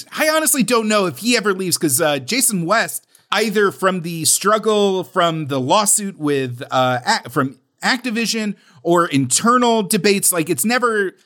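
Loose-talking podcast man, higher voice. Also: animated, a little slow, hardly any pauses, a bit bright. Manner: loose, swears casually, uses many fillers. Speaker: podcast co-host. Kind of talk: casual podcast chat.

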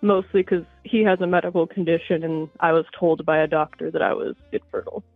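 A woman's voice: low voice, steady tone, a little fast, dry recording, soft background music. Breathless young woman on a tinny phone line. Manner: rambling, frequent "like" fillers. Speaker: caller. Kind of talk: casual phone call.

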